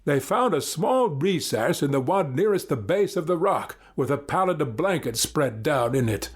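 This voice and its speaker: A man narrating a story in a steady, storybook manner. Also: fairly high pitch, normal speed, breathy edge. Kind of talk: scripted narration.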